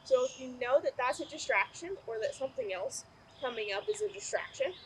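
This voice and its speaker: A woman teaching dog training outdoors, explaining in an upbeat way and breaking into excited praise for her dog. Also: high voice, brisk, a little hiss or hum, rough recording. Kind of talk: instructional video.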